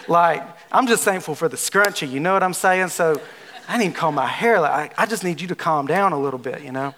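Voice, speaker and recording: A man's voice: fairly high pitch, brisk, fairly bright tone. A man pastor giving a casual, joking sermon, talking with the congregation. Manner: playful, conversational, jokes with the audience.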